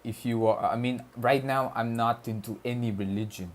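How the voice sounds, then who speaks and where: A man studying on a livestream chats casually with viewers and reads chat aloud in a deliberately put-on Arabic-style accent. His speech is slangy and loose, with swearing and frequent stumbles, in a mid-range voice with fairly even intonation.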